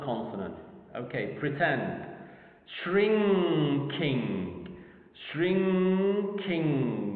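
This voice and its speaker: A man lecturing on phonetics, repeating each example word several times as he breaks it into syllables. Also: fairly high pitch. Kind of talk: recorded classroom lecture. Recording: phone-like audio, echoey hall.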